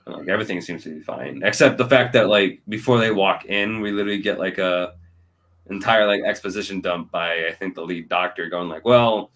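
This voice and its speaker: A man's voice: fairly quick, fairly bright tone. A young man co-hosting an anime review chat, laughing often and leaning on filler words as he recaps scenes. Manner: laughs often, lots of filler likes, voices scenes in jumps of pitch. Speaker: anime review podcast co-host. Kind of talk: casual chat.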